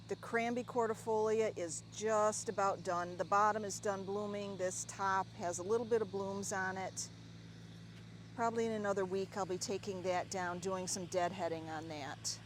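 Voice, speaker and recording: A woman with a mid-range voice strolls through her home garden outdoors, chatting casually about what's blooming and getting openly excited over her plants. A faint hum of outdoor noise sits behind her. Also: medium pitch, normal speed. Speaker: gardening vlogger. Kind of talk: casual garden tour narration.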